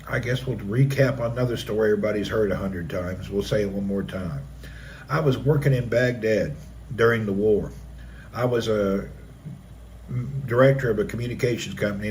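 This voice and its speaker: Speaking a bit low, a middle-aged live streamer shares a personal story full of animated energy, acting out what happened with vocal sound effects. There's a little hiss or hum in the background.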